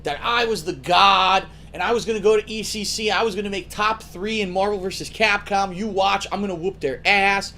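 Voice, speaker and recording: A man with a fairly high voice tells stories to his viewers in a loose, rambling way, swearing freely and putting on his friends' voices. He is a gaming show host chatting casually. A faint hiss sits under the recording. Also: moderate pace, hardly any pauses, sharp tone.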